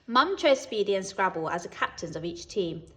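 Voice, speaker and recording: A British woman reading a picture book aloud to young children. Her voice swoops up and down with lively expression, at a mid pitch, in a clear teacherly storytelling style. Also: moderate pace. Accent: British English.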